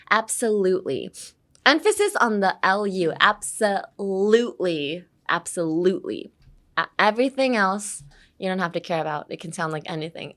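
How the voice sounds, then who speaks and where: A young Californian woman with a lowish, slightly bright voice teaches English in a casual way. She switches between English and Japanese and leans heavily on "um" and "like" as fillers.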